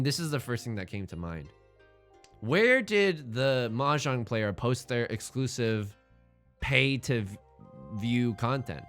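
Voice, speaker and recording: A man's voice: fairly high pitch, bright, forceful tone. A man hosting a let's play with joking, self-mocking game commentary, often pleading with the game for the tiles he wants.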